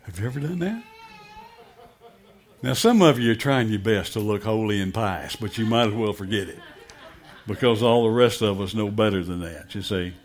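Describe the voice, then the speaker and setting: A man's voice: fairly low pitch, expressive, normal speed. A middle-aged pastor preaching a sermon, emphatic and asking his congregation direct questions.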